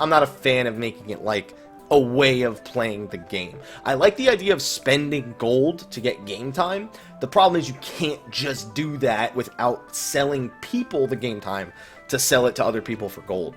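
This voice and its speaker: A male gaming host answers viewer questions in a relaxed, offhand way, blunt and quick to curse. His pitch sits in an ordinary middle register but swings around a lot as he talks. Soft music plays quietly underneath. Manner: casual, blunt, swears freely. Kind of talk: casual Q&A commentary about online games.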